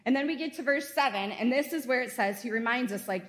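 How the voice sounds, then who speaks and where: A woman pastor in her thirties delivers a sermon in a church sanctuary. Her voice sits a little higher than most women's. She keeps it conversational and earnest, with casual asides between the scripture. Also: quick pace.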